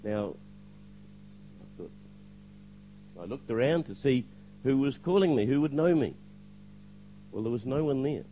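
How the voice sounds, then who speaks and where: A man's voice: medium pitch, lively intonation, measured pace, long pauses, mellow, muffled recording, slight background noise. Older man telling his testimony. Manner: anecdotal, hesitant with fillers, acts out quoted lines. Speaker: church member giving testimony. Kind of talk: spoken testimony to a congregation.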